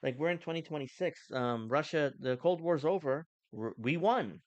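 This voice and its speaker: A man's voice: on the high side, expressive, normal speed, dry recording, dull audio. A man hosting a casual live stream, reacting to news clips with sarcastic, mocking rants. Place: home, cooking during stream.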